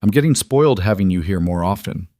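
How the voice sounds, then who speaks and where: A man voicing a gentle, attentive male partner in a narrated story, asking things carefully and warmly. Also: low voice, lively intonation, quick pace, no echo, studio quality. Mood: gentle curious. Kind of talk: audiobook narration.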